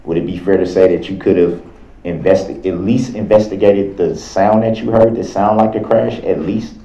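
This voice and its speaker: A man with a very low, dark voice questions a witness in a courtroom cross-examination. He speaks haltingly, repeating himself and restarting his phrases. The sound is dull and lo-fi, with a roomy courtroom echo. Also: steady tone, gravelly. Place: large courtroom.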